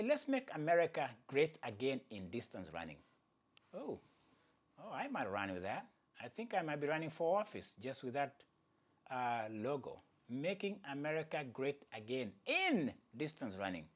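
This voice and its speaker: A man hosting his own channel, giving casual, playful commentary with chatty asides to viewers and jokes at his own expense. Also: a little high. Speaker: athletics commentator and channel host.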